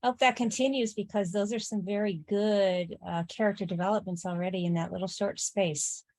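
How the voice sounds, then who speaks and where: A woman's voice: mid-range voice, steady tone, normal speed, a little mellow, no room sound. A woman co-hosting an online writing chat, casually explaining an exercise with lots of "um" and "like". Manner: encouraging, explains with fillers. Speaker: co-host. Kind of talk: casual workshop talk.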